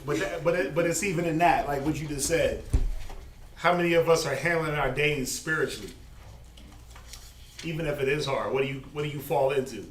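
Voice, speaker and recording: A man teaching a Bible study in a loose, slangy, animated way, laughing often. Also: a little high, brisk, pauses often. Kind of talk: informal preaching. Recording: echoey, distant, faint noise.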